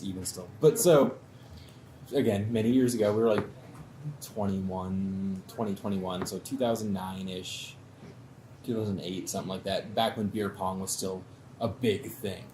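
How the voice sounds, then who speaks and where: A man telling a drinking story in relaxed, wry casual chat, with some swearing. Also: sits low, normal speed, pauses often. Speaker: show regular. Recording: echoey room with faint background noise.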